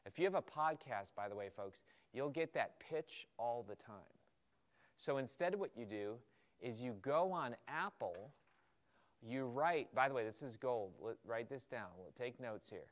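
A middle-aged man teaching an entrepreneurship workshop, lecturing with energy and acting out quoted emails and questions in lively voices. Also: medium pitch, unhurried. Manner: animated, acts out quoted emails and students' questions. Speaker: entrepreneurship instructor.

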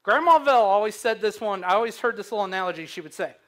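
A man pastor preaching a sermon, slow and emphatic, asking the congregation questions to fill in. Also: high voice, lively intonation, fairly bright tone. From Missouri.

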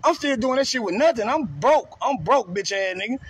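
A man's voice: extremely high pitch, animated, brisk, fairly bright tone, a little hiss or hum. A man delivering a confrontational, profane rant on a live video and taunting someone over and over. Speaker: streamer ranting on a live video.

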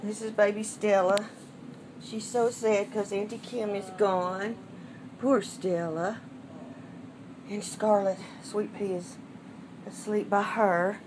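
A woman gently and fondly showing her small home nursery in a casual vlog. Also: mid-range voice, steady tone, noisy background. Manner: gentle, fond, unhurried showing. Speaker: doll collector giving a home tour.

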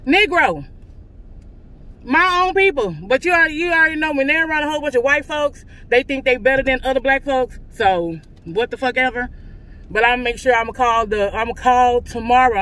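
A woman vlogger venting casually to her viewers, loud and profane, from in or near her car. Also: sits high.

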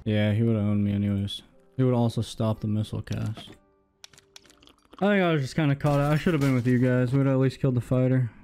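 A man's voice: mid-range voice, a little fast, mellow, faint music behind. A young man streaming a game, casually talking through his own plays and second-guessing them. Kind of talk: casual gameplay commentary.

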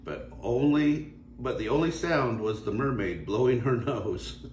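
Older grandpa reading a storybook aloud. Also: male voice, medium pitch, measured pace, echoey room, noisy background. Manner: chuckling, lively. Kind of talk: reading a picture book aloud.

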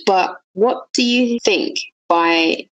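A woman's voice: medium pitch, slow pace, dry recording, rough recording. A young woman co-hosting a casual chat podcast, telling stories frankly and with lots of laughter. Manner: frank, animated storytelling with laughs. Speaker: podcast co-host.

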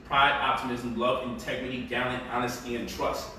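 A man's voice: medium pitch, a little fast, hardly any pauses, bright, forceful tone, slight background noise. A man hosting a casual livestream, teaching stock investing in a loose, joking, slangy way from his home. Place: home, indoors. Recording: echoey room, mic at a distance.

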